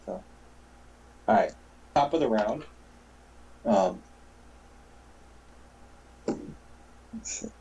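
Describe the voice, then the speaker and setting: A man narrating a tabletop game as game master, casual and halting, with frequent fillers and restarts. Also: medium pitch, big pitch swings, mellow, breathy edge, lo-fi sound.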